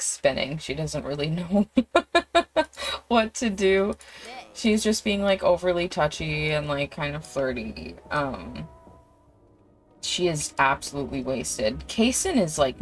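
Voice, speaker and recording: A young woman giving chatty, giggly commentary over a life-sim game, full of fillers. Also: deep voice. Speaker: let's play creator.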